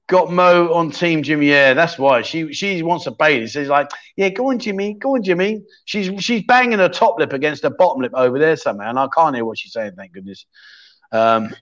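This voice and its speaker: With a medium-pitched, fairly bright voice, a man hosts a laid-back livestream chat show. Chatty and jokey, he reads out viewer comments and thinks aloud as he scrolls. The audio is slightly dull and lo-fi.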